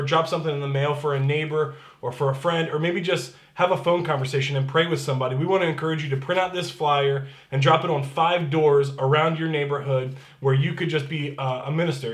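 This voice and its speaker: A man's voice: fairly high pitch, fairly even intonation, fast talker, few pauses, reverberant. A man serving as pastor, giving casual church announcements in an upbeat, chatty way and reading scripture aloud.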